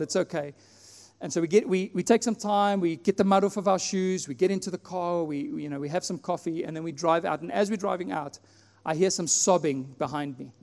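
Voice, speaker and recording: A man from South Africa preaching a sermon in a church, telling a personal story and acting out his own prayers with animated delivery. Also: high voice, creaky. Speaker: pastor. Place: church hall. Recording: long hall reverb, faint music.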